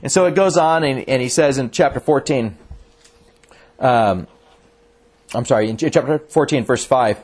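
A man's voice: medium pitch, moderate pace, pauses often. A man preaching a sermon as a pastor, telling stories earnestly and often restarting his sentences. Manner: earnest, animated storytelling with frequent restarts.

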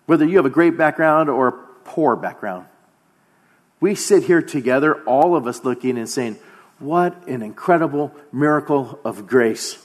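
A man in his thirties preaching a sermon as pastor, earnest, often slowing down and dropping to a quiet voice for emphasis. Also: medium pitch, animated. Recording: long hall reverb.

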